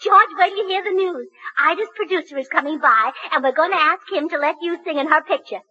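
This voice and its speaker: High, scatterbrained woman in 1940s radio comedy. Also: fast talker. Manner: ditzy, literal-minded. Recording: muffled old radio recording with loud hiss.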